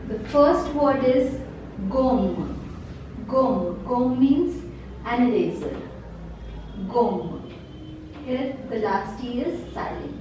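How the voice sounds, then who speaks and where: A high-voiced woman teaches slow beginner vocabulary, saying each word again and again with patient care. She sits some way off the mic, and her voice rings in a very echoey room with a faint hum of noise behind it. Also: recorded from a distance. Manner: patient, repeats each word several times. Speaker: French teacher.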